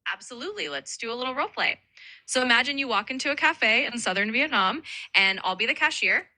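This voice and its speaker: A woman's voice: on the high side, expressive, fast talker, pushed and bright. A synthetic female voice assistant, upbeat and helpful, explaining things in a chatty tutoring style.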